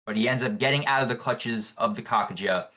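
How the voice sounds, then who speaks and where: Man, comic reaction host, excitable, bright voice, thinking out loud. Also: medium pitch, fairly quick. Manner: excitable, thinks aloud with restarts and laughs. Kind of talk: live reaction commentary.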